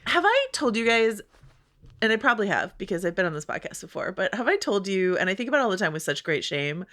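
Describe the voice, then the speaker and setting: A woman guest co-hosting a podcast, chatting casually and telling self-mocking stories. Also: mid-range voice. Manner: self-mocking, animated storytelling. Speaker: guest co-host.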